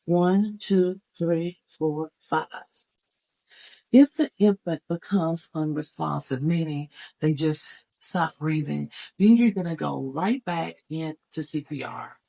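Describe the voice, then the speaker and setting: A woman's voice: sits low, slow pace, vocal fry, mellow, poor audio. A woman teaching CPR, giving step-by-step instructions and counting the moves aloud as she demonstrates. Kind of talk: hands-on first aid demonstration.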